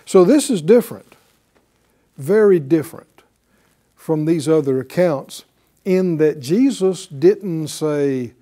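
This sermon comes from a man with a slightly high, expressive and warm voice. He teaches at a slow pace, questioning his listeners and coaxing answers back in call-and-response fashion.

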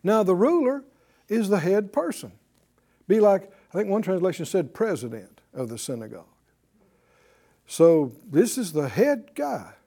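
A Bible teacher giving a broadcast lesson in an animated, conversational way, asking the audience questions and chuckling while teaching. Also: mid-range voice, measured pace.

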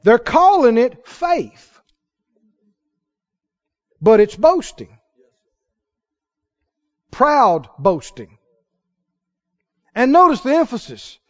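A man preaching with a very high, lively voice that swoops and climbs to shouted peaks. He acts out quotes and reads scripture with dramatic weight. The sound is dull and lo-fi. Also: very slow, pauses often. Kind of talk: sermon.

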